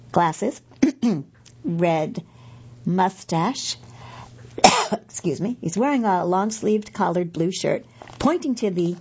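Husky woman reading a magazine aloud. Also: fairly low pitch, darkish tone, lo-fi sound. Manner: chatty, self-correcting with fillers and asides. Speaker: podcast reader of a magazine.

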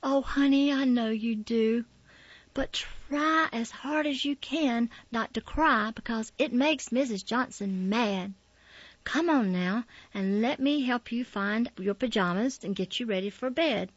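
A kind older girl comforts a little one in a soft, gentle voice, as a woman reader plays her. Her tone is tender and fairly high. The recording is dry and a bit dull. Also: unhurried, no echo. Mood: soothing.

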